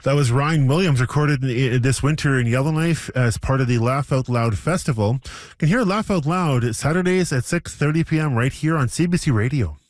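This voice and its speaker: Radio host, man, mid-pitched, casual and easy, close dry studio mic. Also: fairly quick, dry recording. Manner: easygoing, lightly chatty. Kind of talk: morning radio hosting. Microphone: studio microphone.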